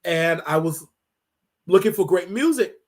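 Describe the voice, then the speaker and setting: A man in his thirties from Chicago, hosting his show and speaking in a tearful, halting monologue full of fillers and restarts. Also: high-pitched, expressive. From Chicago, USA. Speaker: show host. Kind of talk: emotional personal monologue.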